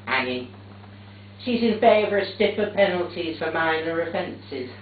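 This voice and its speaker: A man's voice: on the high side, animated, unhurried, a little hiss or hum. A man on stage playing a forgetful, chatty elderly mother who prattles on unfussed. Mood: matter-of-fact. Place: theatre stage. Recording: echoey theatre, distant tinny capture.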